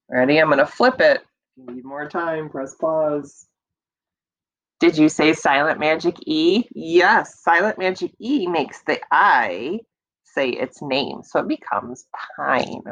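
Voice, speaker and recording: A female teacher leads a slow, patient early reading lesson for young children, repeating words and drawing out sounds to encourage them. Her voice is deep and expressive, and the recording quality is low.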